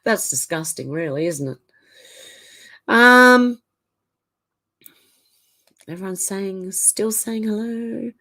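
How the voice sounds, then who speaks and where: A middle-aged woman hosts a livestream in a casual chat, reading out viewer comments and reacting to each one with quick opinions. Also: mid-range voice, bright, forceful tone. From Australia. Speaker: livestream host.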